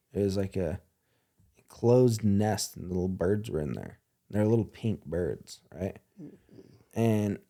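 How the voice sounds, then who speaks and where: Male podcast host, casual joking chat, animated, laughs a lot. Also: fairly low pitch.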